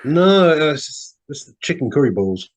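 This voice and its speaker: A man's voice: fairly high pitch, very animated, moderate pace. A man, co-hosting a podcast in casual chat with dry joking asides. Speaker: podcast co-host.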